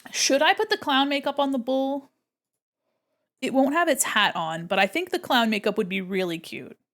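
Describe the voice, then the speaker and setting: An American woman streaming, chatting casually with viewers while drawing, self-deprecating and quick to laugh. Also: sits high, animated, fairly bright tone. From United States.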